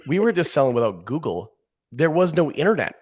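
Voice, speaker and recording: Animated rambling storyteller, a man. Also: on the high side, a little fast, slightly rough. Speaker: podcast guest. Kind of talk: casual chat.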